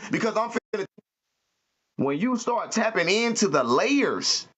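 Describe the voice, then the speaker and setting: A man's voice: very high voice, sharp tone, highs cut off. A man giving an emphatic spiritual motivational talk, preachy and full of profane slang. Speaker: podcast host.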